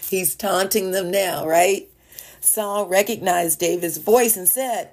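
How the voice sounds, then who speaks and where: Lady reading bible verses then chatting about them, kinda low and gravelly, laughs a bit here and there. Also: takes it slowly, darkish tone. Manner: reads scripture aloud, then explains it in a chatty way with small laughs. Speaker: devotional podcast host. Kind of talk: casual Bible teaching. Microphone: podcast voice message recording.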